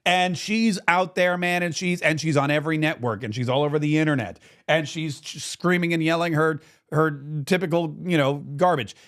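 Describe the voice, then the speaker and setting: A man's voice: fairly high pitch, moderate pace, few pauses, a bit bright. A man hosting a political commentary show, telling the story with indignant sarcasm. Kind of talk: opinion commentary monologue.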